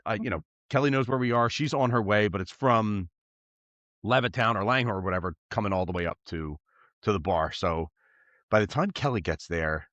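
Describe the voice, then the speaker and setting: A man's voice: on the low side, brisk, a bit bright, no room sound. Podcast co-host, male, rambling storyteller, slightly dull dry sound. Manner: rambling, laughing anecdote teller. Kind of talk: casual storytelling chat.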